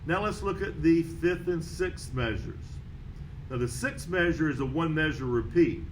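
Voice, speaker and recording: Here a band teacher with a fairly high-pitched voice guides a beginner trumpet lesson, counting off and calling out notes in a steady manner. The recording is rough, with slight background noise.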